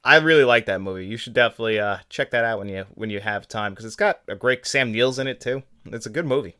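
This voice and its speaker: A man co-hosting a podcast, chatting casually about movies, animated and laughing often as he trails off and restarts. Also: medium pitch, fast, clean tone. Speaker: podcast co-host. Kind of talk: casual film chat.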